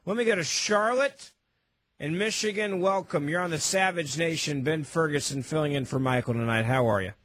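A young man hosts a call-in radio show with a fairly high voice. He talks emphatically and mixes sarcasm into his opinions. The sound is dry and close. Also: moderate pace, a bit bright, no room sound. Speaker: fill-in talk radio host.

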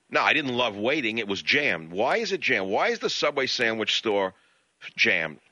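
Ranting male radio host, bright voice. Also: fairly low pitch, dry recording. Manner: ranting, sarcastic, blunt. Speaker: radio talk show host. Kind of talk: talk radio monologue. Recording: dull lo-fi radio audio.

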